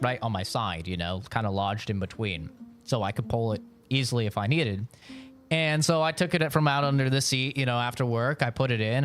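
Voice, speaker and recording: A man streaming live from home, telling rambling stories in casual chat and swearing often. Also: medium pitch. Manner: loose, rambling storytelling with frequent swearing.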